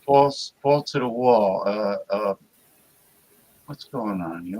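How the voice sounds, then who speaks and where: A man hosting an online talk show, excitable, often exclaiming and repeating himself. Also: on the low side, unhurried, poor audio. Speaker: host. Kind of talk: casual call-in talk show banter.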